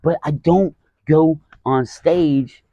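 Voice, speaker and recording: A man's voice: fairly high pitch, takes it slowly, mellow, no echo, lo-fi sound. Rambling, cursing male comic telling a story. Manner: rambling, profane, lots of restarts and acted-out quotes. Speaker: stand-up comedian, podcast host. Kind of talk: casual storytelling monologue.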